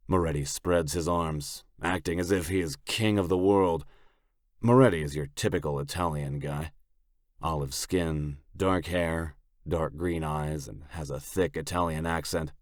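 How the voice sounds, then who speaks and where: Very deep, slow male audiobook narrator. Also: dry recording, studio quality. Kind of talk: first-person audiobook narration.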